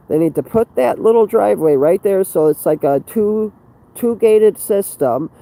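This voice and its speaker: A man with a high-pitched, mellow voice and vocal fry livestreams outdoors on a handheld phone beside a fenced facility. He rambles in an agitated, profane way, stumbling and restarting, and the audio quality is poor.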